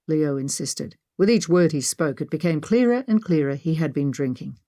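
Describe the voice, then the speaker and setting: A woman narrating an adventure audiobook in a measured storytelling manner. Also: sits low, mellow, no room sound, studio quality. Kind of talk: scripted narration.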